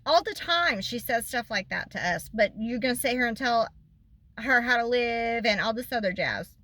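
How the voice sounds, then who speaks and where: Upset bright-voiced woman venting. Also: on the high side, lively intonation, normal speed, no echo. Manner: upset, venting, voice near tears. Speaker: vlogger. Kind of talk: casual storytime chat.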